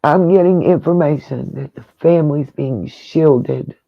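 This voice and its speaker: A man hosts a casual livestream, talking straight to his viewers in an emotional, rambling way. His voice is a little high, unhurried, and marked by vocal fry, captured lo-fi with no echo.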